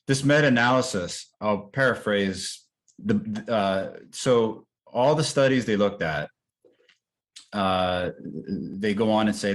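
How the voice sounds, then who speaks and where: A man co-hosting a casual talk show, explaining ideas with lively examples and quoted lines. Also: fairly low pitch. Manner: animated, talks through examples and quoted lines. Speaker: podcast co-host. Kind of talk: casual discussion of workplace psychology.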